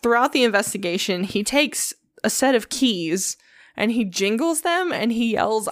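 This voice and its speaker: Animated woman telling a story. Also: fairly high pitch, moderate pace, no echo, clean studio sound. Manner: animated retelling, swearing, acts out quotes. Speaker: podcast host. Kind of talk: casual storytelling chat.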